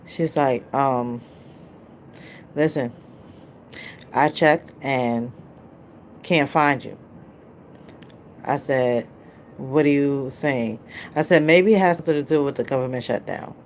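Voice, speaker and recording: A woman's voice: extremely low pitch, slow, long pauses, a little hiss or hum. A woman vlogger, a mother, casually telling a rambling story to camera, full of fillers and quoted back-and-forth dialogue. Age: adult, mother of a child.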